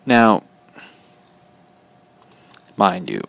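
A man's voice: sits low, big pitch swings, extremely slow, vocal fry, a bit bright, no echo. A man telling a story in a casual, opinionated rant, swearing freely and laughing at his own anecdote.

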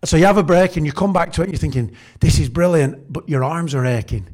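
Pastor, funny sermon, acts out little scenes, higher voice for a guy. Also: expressive, fast talker, darkish tone. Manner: chatty storyteller, acts out everyday scenes. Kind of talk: humorous sermon.

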